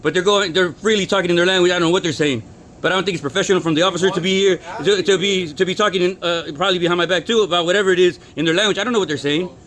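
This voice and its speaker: A man's voice: sits high, racing, fairly bright tone. A man filming on his phone inside a store, arguing in an agitated, repetitive way as an employee. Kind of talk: filming a workplace confrontation.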